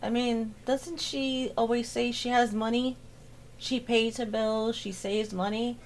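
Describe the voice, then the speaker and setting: A woman's voice: on the high side, steady tone, measured pace, a little hiss or hum. A woman hosting a reaction commentary, sarcastic and exasperated as she picks apart a clip. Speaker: commentary host.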